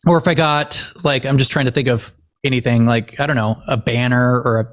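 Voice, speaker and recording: A man's voice: mid-range voice, a little fast. A man from Washington State hosting a podcast in casual chat, telling stories with acted-out dialogue and lots of fillers. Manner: animated storyteller, acts out quoted dialogue, many fillers. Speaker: podcast host.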